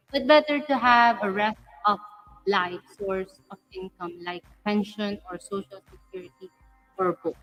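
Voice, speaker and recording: A woman's voice: mid-range voice, a bit bright, rough recording. A woman from the Philippines, reading viewer comments aloud and chatting bluntly on a live vlog. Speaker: vlog co-host.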